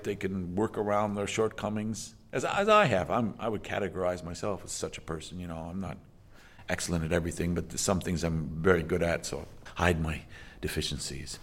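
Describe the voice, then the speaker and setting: A man's voice: lowish voice, a bit bright. A man, an acting teacher, talking casually in an interview, often restarting his sentences. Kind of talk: documentary interview.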